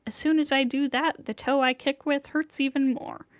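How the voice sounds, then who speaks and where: A woman's voice: high-pitched, fairly even intonation, moderate pace, dry recording, lightly acted. A woman reading the first-person narration of a flustered young male student, bewildered and rambling. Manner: bewildered, rambling inner monologue.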